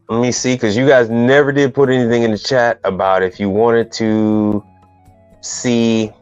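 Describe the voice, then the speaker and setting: A man talks casually on a live stream, joking and teasing as he rambles through business questions in loose slang. His voice sits at an ordinary pitch. The sound is dull and dry, with faint music playing behind him. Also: darkish tone, clean tone, no room sound.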